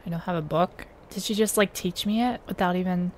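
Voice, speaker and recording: A woman's voice: on the low side, brisk, darkish tone, a little hiss or hum. A woman giving casual game commentary at home, joking and impatient, talking back to the characters. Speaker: let's play gamer.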